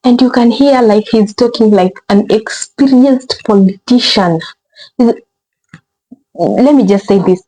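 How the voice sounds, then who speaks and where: Woman, casual reaction-vlog host, warm low-toned voice, rambling and exasperated. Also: measured pace, poor audio. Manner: rambling, exasperated, repeats words, says bruh.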